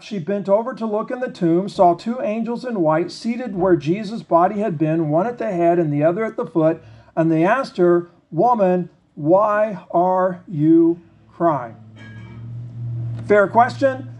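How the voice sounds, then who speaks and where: High-voiced man preaching conversationally. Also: a little mellow. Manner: conversational preaching, reads scripture slowly with pauses. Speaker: pastor. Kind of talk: sermon.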